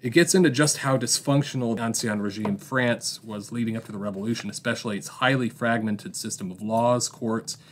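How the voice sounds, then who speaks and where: A man's voice: medium pitch, brisk, hardly any pauses, a little hiss or hum. Man reading a history podcast segment. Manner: explanatory, with asides and book recommendations. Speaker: podcast host. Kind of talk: read political history segment.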